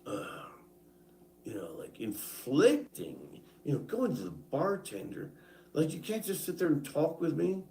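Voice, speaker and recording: A man ranting at length to someone who is not there, cursing and calling him selfish, swinging between loud outbursts and muttering. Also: on the high side, wildly swooping pitch, a little slow, vocal fry, reverberant, slight background noise, poor audio. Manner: angry, profane, addresses absent man directly. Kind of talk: ranting monologue.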